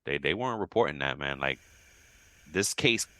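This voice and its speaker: A man with a very low voice co-hosts a podcast in a loose, casual back-and-forth. His tone is bright and forceful, and the recording is dry and close. He gets animated and shoots his voice way up when he acts out a reaction. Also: moderate pace, dry recording. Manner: animated, jumps to high pitch when quoting himself. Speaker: podcast co-host.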